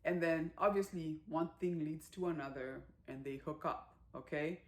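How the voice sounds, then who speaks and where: A woman giving a casual movie recap, chatty and animated, with lots of fillers and acted-out quotes. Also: low-pitched, moderate pace. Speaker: movie reviewer.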